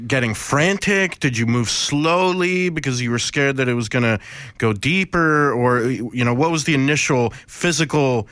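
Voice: mid-range voice, normal speed, fairly bright tone, no room sound. Podcast host with blunt, dry questions. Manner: asks blunt follow-up questions with dry humor. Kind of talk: casual podcast interview.

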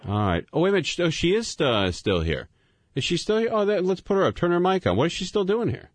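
A man's voice: sits high, very animated, no room sound. A man hosting a call-in radio show, joking and teasing with callers. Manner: joking, teasing, quick banter. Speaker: radio talk show host.

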